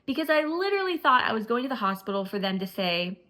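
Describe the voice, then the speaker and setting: Animated young woman vlogger telling a story. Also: a little high, fast. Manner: animated storytelling, acts out voices. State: in shock after diagnosis. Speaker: family vlogger. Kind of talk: storytime vlog.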